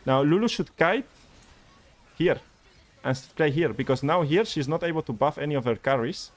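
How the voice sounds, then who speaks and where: Young man, game coach, exasperated, animated, slightly high voice. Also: normal speed. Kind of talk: live-streamed gameplay review.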